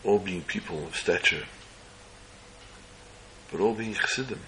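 A man telling an inspirational religious story slowly, in short measured phrases. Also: low-pitched, pushed and bright, a little hiss or hum, poor audio.

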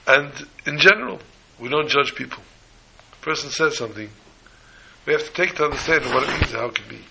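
Gravelly, bright-toned man preaching. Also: fairly quick, slight background noise, low-quality recording. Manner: animated storytelling, voices the characters with rising pitch. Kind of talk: Torah sermon with a story.

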